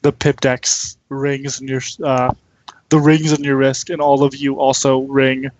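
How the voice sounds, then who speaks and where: A man narrating a tabletop role-playing game as game master in a loose, unhurried way. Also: medium pitch, flat delivery, a little mellow, dry recording, lo-fi sound.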